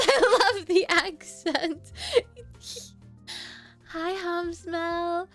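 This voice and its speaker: A woman streamer telling a story casually to her chat, animated and laughing often. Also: very high-pitched, slow, soft background music.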